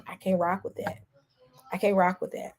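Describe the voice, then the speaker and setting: With slight background noise behind her, a woman vlogger speaks in a flat, medium-pitched, darkish voice at a normal pace. She addresses viewers directly in casual commentary, emphatic and repetitive with many restarts.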